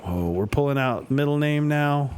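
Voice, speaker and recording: A man's voice: on the high side, animated, normal speed, a little mellow, a little hiss or hum. A man reading a story game aloud for a let's play, voicing the dad character, with playful joking asides. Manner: playful, joking asides between read lines.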